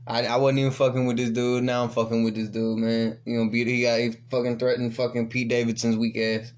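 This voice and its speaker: A man's voice: medium pitch, level tone, fairly quick, a little mellow. A man co-hosting a podcast, swearing and blustering through jokey banter. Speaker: podcast co-host. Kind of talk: crude comedic banter.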